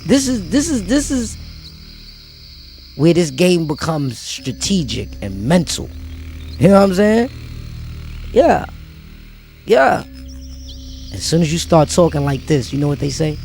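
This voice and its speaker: A man's voice: on the high side, very animated, unhurried, vocal fry, long pauses, a little mellow, soft background music. Emphatic, preachy man ranting to viewers. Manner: emphatic, repetitive, street slang. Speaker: vlogger. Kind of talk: preachy motivational rant to viewers.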